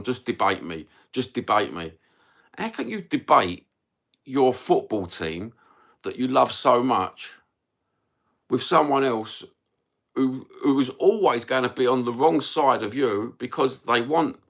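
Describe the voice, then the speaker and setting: A man's voice: on the low side, a bit bright. A man talking passionately to viewers on a live stream, swearing and firing rhetorical questions about his football club. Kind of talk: ranting live stream monologue.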